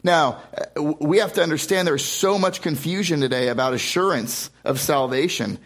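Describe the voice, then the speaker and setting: A male pastor delivering a sermon to his congregation, his voice sitting a bit higher than most men's. He preaches with emphasis, often doubling back to repeat words and restart his phrases. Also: normal speed, fairly bright tone. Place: church service before a congregation.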